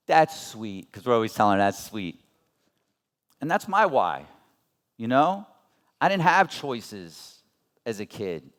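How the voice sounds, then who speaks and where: With a fairly low, clear and resonant voice, a thirty-something motivational speaker addresses a business seminar. His manner is earnest and conversational, and he poses rhetorical questions to the crowd.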